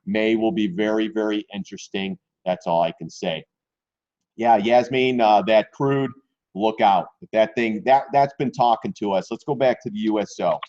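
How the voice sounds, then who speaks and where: Man, live chart breakdown, blunt and excitable, crude slang, dark mellow tone, dull lo-fi audio. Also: lowish voice, normal speed. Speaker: stock trading streamer.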